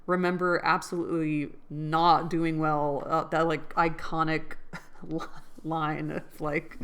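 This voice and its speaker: Rambling woman reading aloud, low-pitched. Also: flat delivery, takes it slowly, a bit bright, smooth. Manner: rambling and thinking aloud, with self-corrections. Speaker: channel host reading a novel aloud. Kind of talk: casual read-aloud with commentary.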